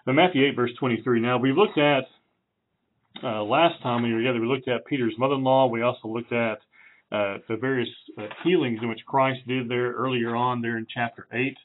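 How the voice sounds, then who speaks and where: A man preaching through a Bible passage in a relaxed, chatty way, with fillers and self-corrections. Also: medium pitch, brisk, slight background noise. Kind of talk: conversational Bible teaching. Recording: tinny phone-like sound.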